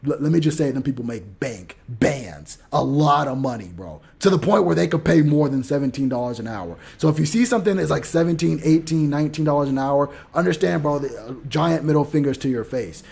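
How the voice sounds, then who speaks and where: Man, gravelly husky voice, fairly high pitch, animated storytelling rant, loud outbursts and mumbled asides. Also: brisk. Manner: acts out quoted people, swings from loud outbursts to mumbling. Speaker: motivational podcaster.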